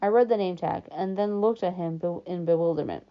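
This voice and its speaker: A woman reading a novel aloud in calm, first-person storytelling narration. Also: on the low side, fairly quick. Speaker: audiobook reader. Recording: dull lo-fi recording.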